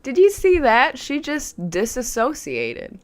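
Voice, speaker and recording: A woman voicing a brusque middle-aged male psychiatrist who talks in a loud, blunt way. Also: high voice, huge pitch swings, slow, pitched above the performer's own voice, heavily acted. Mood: booming.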